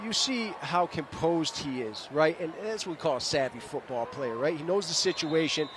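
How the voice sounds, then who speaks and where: High-voiced analyst breaking down plays. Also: male voice, animated, normal speed. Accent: Michigan. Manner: coaching-minded, explains plays, tags lines with "right?". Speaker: color analyst, former linebacker. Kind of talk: live football color commentary. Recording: broadcast booth with stadium noise.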